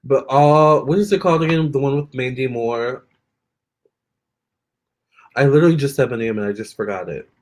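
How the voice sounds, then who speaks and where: Young guy chatting on his live stream, super expressive, medium voice, talking right to the chat. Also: mid-range voice, moderate pace, pauses often. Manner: chatty and expressive, addresses viewers directly. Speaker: live-stream tarot reader.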